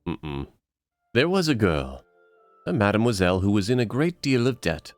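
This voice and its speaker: Smooth con-artist aristocrat with a hammy fake accent, low and lively, dry sound, a man putting him on. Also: moderate pace, dry recording, soft background music. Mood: conspiratorial. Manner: theatrical fake foreign accent, courtly. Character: smooth-talking male con man posing as nobleman.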